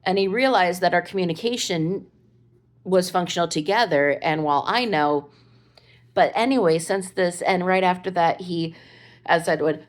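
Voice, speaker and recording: A middle-aged woman telling a family story in a chatty, animated way, acting out sighs and groans. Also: on the low side, normal speed. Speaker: parent vlogger. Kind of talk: casual storytelling vlog.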